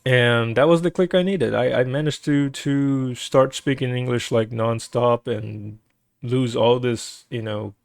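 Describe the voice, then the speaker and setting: A man from Brazil talks to his live viewers in accented English learned as a second language. His speech is rambling and hesitant, full of restarts and filler words, set at a middling pitch for a man. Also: fairly even intonation, measured pace, vocal fry, no room sound. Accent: Brazilian Portuguese. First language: Portuguese. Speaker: streamer. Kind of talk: casual chat with stream viewers.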